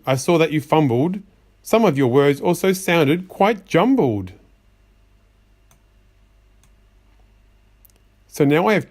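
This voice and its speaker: A fussy, exasperated white rabbit from a rhyming storybook, put on by a man. He scolds in a sing-song way, his slightly high voice swooping up and down with lively pitch. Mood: sarcastic.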